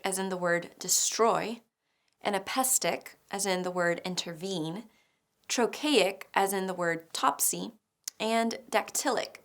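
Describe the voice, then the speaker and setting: A woman giving a scripted educational narration about poetry, explaining clearly with a light touch of humor. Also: medium pitch, fairly bright tone. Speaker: teacher.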